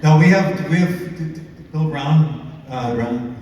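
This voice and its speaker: A male actor speaking haltingly on a convention panel, stopping and restarting often. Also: on the high side, a little mellow, lo-fi sound, a little hiss or hum. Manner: halting, many fillers and restarts. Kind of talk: panel talk. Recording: echoey convention hall, far mic.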